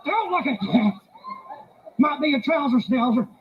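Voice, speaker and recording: High-voiced man doing stand-up. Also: moderate pace, highs cut off, background noise. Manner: animated storyteller who keeps slipping into put-on voices. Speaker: stand-up comedian. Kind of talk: stand-up comedy routine.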